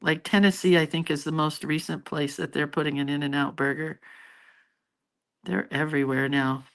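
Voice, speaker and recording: A woman's voice: low voice, fairly even intonation, normal speed. Middle-aged lady chatting on her live stream, reading viewer comments, rambly and friendly. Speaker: art teacher hosting a live stream.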